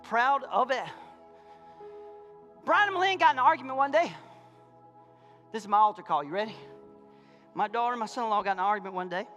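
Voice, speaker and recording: A man pastor preaching a sermon in a church, folksy, calling out to his congregation, swinging from loud fervor to quiet intensity. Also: very high-pitched, animated, fairly quick, long pauses, dull audio, soft background music. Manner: impassioned, rising to shouts and dropping to quiet. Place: church sanctuary.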